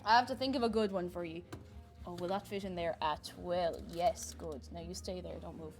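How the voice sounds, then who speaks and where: A woman's voice: lowish voice, fairly even intonation, normal speed, over music. A woman with an Irish accent chatting casually with viewers while she cooks on a live stream. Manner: chatty, reads chat aloud and answers viewers.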